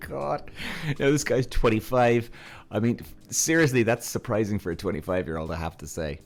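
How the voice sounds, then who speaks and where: A man's voice: lowish voice, normal speed, soft background music. A man hosting a podcast, telling stories in a casual, frank way, chuckling often and swearing freely. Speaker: podcast host. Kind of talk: casual storytelling.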